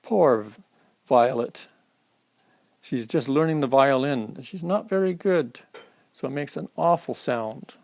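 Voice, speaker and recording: A man's voice: medium pitch, slow, vocal fry, darkish tone, dry recording. A man reading a children's alphabet picture book aloud at storytime, stopping to explain the pictures to young listeners. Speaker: storytime reader.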